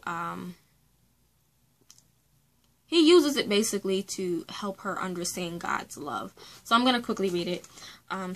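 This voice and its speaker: A woman's voice: on the low side, fairly bright tone, rough recording. Young female book reviewer, casual and heartfelt, talks with frequent ums and restarts. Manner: chatty, earnest, with many fillers.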